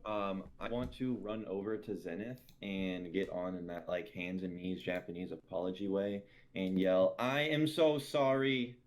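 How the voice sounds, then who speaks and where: A man with a very deep voice takes his turn in a tabletop game. He describes his character's actions with playful energy and lots of chatter. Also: steady tone, normal speed, few pauses, darkish tone. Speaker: player.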